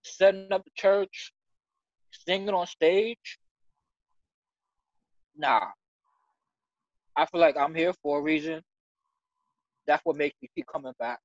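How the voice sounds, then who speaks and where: A man giving an emotional personal testimony in conversation, earnest and halting, stumbling over restarts and near tears. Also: on the high side, dry recording, muffled recording. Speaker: church member sharing his story.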